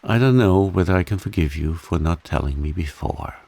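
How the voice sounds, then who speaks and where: A man voicing a proud, heartbroken woman who steadily confesses her long love, in a soft bedtime reading. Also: low-pitched, brisk, vocal fry, no room sound, exaggerated voice. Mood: steady, tender. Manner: steady, dignified, softly spoken.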